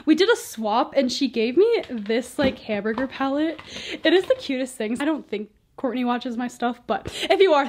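A young woman in her twenties giving a casual, chatty room tour in a bubbly way, full of "like" fillers. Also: a little high. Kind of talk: casual chat. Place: bedroom at home.

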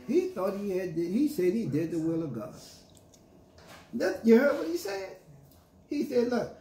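A pastor preaches in a sing-song, high, mellow voice, a little slow and pausing often, with a little hiss or hum in the recording. In an echoey church with faint ambience, his sermon moves between scripture reading and call-and-response, emphatically paraphrasing the text in casual slang.

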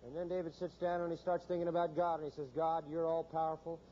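A man's voice: a little high, flat delivery, fast, mellow, slight background noise. A man preaching a sermon, emphatic and repetitive, with a rhythmic pulpit cadence. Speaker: pastor. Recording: dull lo-fi sermon recording.

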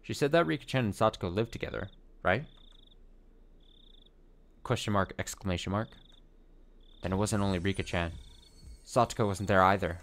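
A man streaming a visual novel, reading the story aloud and adding expressive, sometimes profane commentary. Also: lowish voice, normal speed, long pauses. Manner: expressive, swears when annoyed. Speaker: let's play streamer.

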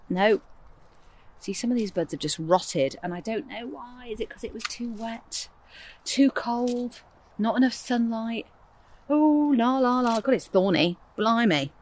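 A middle-aged woman from England, hosting a gardening podcast outdoors, chatting casually in a rambling, self-deprecating way while she works. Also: on the low side.

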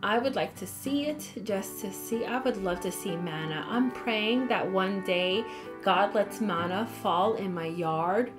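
A woman leads a relaxed Bible study at a medium pitch, reading verses and breaking off into chatty, apologetic asides. Quiet music plays faintly beneath her voice. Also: unhurried. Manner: chatty, apologetic asides, reads scripture aloud. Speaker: Bible teacher. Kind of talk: casual Bible study talk.

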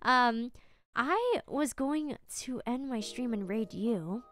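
A woman's voice: fairly high pitch, animated, slow pace. A young woman streamer chatting casually and animatedly with a guest, telling dramatic stories. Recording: stream audio with background music.

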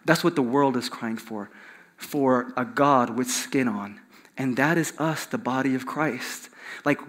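A man's voice: medium pitch, a bit bright. A middle-aged man preaching a sermon in a church in a conversational way, with many fillers and repeated words. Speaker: pastor.

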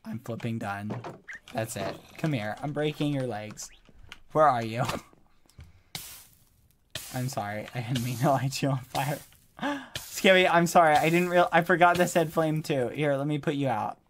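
A man live-streaming a game, talking in a pleading, apologetic way with loud exclamations. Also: mid-range voice, moderate pace, slight background noise. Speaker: gaming streamer. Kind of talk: live-streamed gameplay chat.

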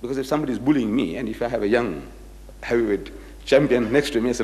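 An older man delivers a religious lecture to an audience, speaking fast in a mid-range, darkish voice with a long reverb tail. He tells anecdotes and acts out the voices of the people in them.

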